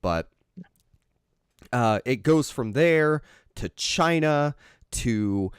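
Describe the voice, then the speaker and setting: A man's voice: medium pitch, lively intonation, drawn-out words, clean tone, no echo, studio quality. A man co-hosting a casual film chat, meandering and thinking aloud as he retells a story. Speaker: podcast co-host. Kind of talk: casual chat about films.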